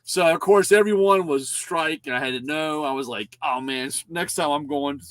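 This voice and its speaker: A man's voice: on the high side, moderate pace, no echo. A man co-hosting a casual chat, rambling through anecdotes with many restarts and quoted dialogue. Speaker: co-host. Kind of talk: casual car-hobby chat.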